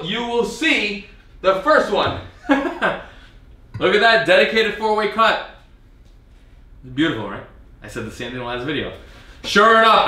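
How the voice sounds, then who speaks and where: A man hosting a vlog, telling a story casually and with exasperation, acting out the messages he traded. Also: sits high. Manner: animated, exasperated retelling with quoted exchanges. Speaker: video host reviewing an arcade cabinet. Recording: echoey room, mic at a distance.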